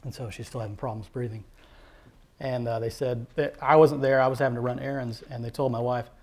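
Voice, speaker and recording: A man earnestly telling a personal faith testimony as a father, halting, with many fillers and restarts. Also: mid-range voice, fairly even intonation, darkish tone. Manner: heartfelt, devout storytelling.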